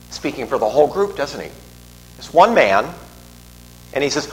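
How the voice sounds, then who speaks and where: A man's voice: mid-range voice, sing-song, normal speed, pauses often, faint music behind. A middle-aged man, a priest, giving a homily in a conversational, digressive way with restarts and asides. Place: church. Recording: long reverb in a large church, faint hum.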